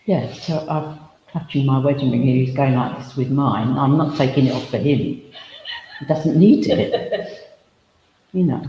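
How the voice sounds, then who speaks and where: A man's voice: medium pitch, unhurried, pauses often, warm tone. A man working as a spiritualist medium, giving a chatty, humorous demonstration at a service in a village hall. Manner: chatty and humorous, full of asides and anecdotes. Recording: echoey hall reverb, faint noise.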